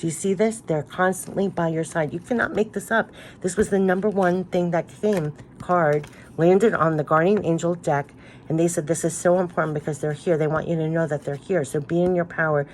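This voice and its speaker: A woman's voice: on the low side, fairly even intonation, a little fast, darkish tone, a little hiss or hum. A woman giving a spiritual tarot card reading, talking in an earnest, emotional, rambling way with many restarts.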